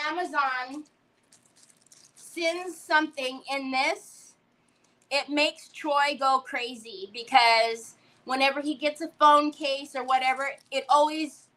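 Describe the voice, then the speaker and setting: A middle-aged woman with a high-sitting voice hosts a crafting livestream, telling a story with animated energy and greeting her viewers by name. The audio quality is poor.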